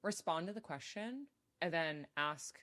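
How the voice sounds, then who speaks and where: A young adult woman talking as a podcast guest in casual conversation. She is animated and acts out sample lines of dialogue as she talks. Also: sits low, unhurried.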